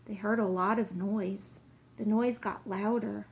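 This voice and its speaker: A woman narrating a children's story, reading aloud in a plain, measured way. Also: mid-range voice, fairly even intonation, vocal fry.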